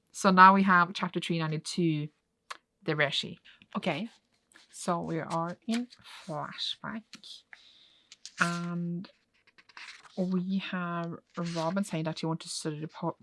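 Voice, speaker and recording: A woman vlogger reacting casually as she reads a manga aloud, excitable and gushing, with lots of "like" fillers. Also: fairly low pitch. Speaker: reading vlogger.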